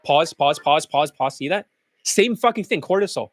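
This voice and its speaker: A man's voice: on the high side, lively intonation, normal speed. A man who coaches dating, talking in a blunt, crude and scornful rant. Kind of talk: profane ranting monologue.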